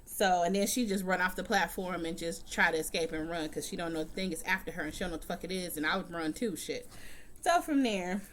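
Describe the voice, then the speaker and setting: A woman's voice: lowish voice, quick pace, a bit bright, a little hiss or hum. A woman recapping a TV episode in a casual, chatty vlog from a room at home, talking bluntly and swearing often. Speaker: TV recap vlogger.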